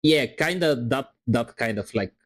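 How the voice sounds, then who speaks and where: A man streaming and chatting casually, teasing his friends in a halting way. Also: mid-range voice, animated. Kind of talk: casual chat on a live stream.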